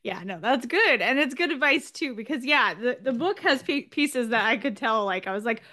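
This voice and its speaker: A woman's voice: a little high, animated, moderate pace, sharp tone. A woman hosting an interview, talking casually and affirming her guest. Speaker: interview host.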